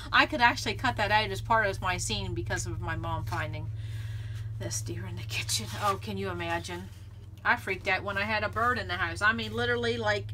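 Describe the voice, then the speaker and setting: A woman's voice: mid-range voice, pushed and bright, slight background noise. A woman hosting a scrapbooking video, chatting casually and thinking aloud as she works in her craft room. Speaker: scrapbooking channel host.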